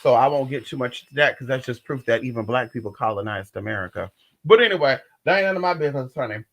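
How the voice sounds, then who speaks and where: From home, a chatty, profane vlogger walks through her haul, peppering it with "girl" and "y'all" and shrill squeals whenever she reveals an item. Her intonation is lively and her pace quick, though the recording quality is low.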